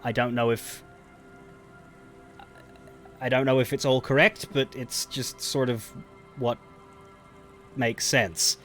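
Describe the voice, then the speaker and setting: A man's voice: mid-range voice, fairly even intonation, slow pace, pauses often, fairly bright tone. Man, streamer, casual rambling commentary, faint game music behind. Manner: rambling, self-interrupting, frequent restarts.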